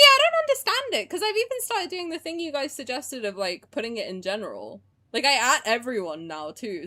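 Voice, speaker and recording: A woman's voice: mid-range voice, a bit bright. A young woman with a mixed English and Canadian accent, lightly tinged with Indian, chatting casually as a streamer while she plays and reads game text aloud. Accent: mixed English and Canadian, with a trace of Indian. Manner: chatty and rambling, with frequent "like" fillers.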